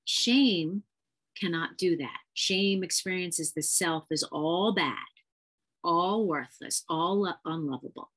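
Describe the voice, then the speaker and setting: Earnest woman therapist teaching, lowish voice. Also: slow pace, fairly bright tone. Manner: earnest, emphatic, repeats key phrases. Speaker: therapist and channel host.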